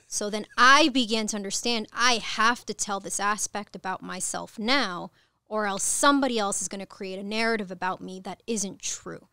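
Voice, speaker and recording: Brief: woman in her thirties, originally from Ecuador, podcast guest with a frank storytelling style, mid-pitched and lively, dry close mic. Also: moderate pace, clean tone, no room sound. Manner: frank, animated, swears casually. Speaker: podcast guest, cannabis attorney. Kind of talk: candid conversational storytelling.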